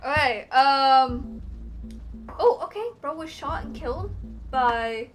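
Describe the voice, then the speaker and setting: A woman's voice: high-pitched, expressive. Chatty young-sounding woman gaming over music. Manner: chatty, easily spooked, reads game text aloud haltingly. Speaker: gamer playing a courtroom game. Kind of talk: gameplay commentary. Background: game music.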